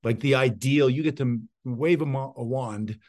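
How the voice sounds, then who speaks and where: In a conversational interview, a middle-aged man offers real estate sales tips as a guest expert, with a mid-range voice at a moderate pace. He brings his stories to life by acting out the voices of those he quotes.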